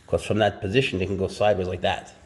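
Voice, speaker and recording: A man casually explaining and handling his snakes in a relaxed, rambling vlog indoors. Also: low-pitched, fast talker, a little hiss or hum. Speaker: reptile keeper. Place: warm indoor room with high ceilings.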